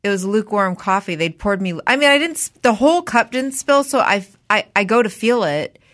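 A woman co-hosting a casual podcast, her voice sitting in an ordinary middle register. She tells parenting stories with plenty of life, leaping up into a high voice whenever she acts out what she said. The talk is loose and conversational. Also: a little fast. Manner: animated storyteller who acts out quotes in a high voice. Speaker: podcast co-host; mother. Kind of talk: casual chat.

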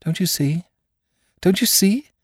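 A man voicing an excitable, nervous young curate who talks in trembling, feverish agitation. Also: on the low side, moderate pace, no echo, clean studio sound, voice pushed up, close to an everyday voice.

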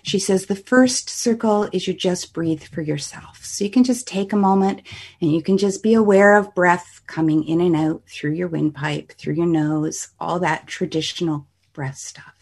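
A woman guest expert leading listeners through a calm breathing exercise, soft and instructive. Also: on the low side, normal speed, gravelly, slightly rough.

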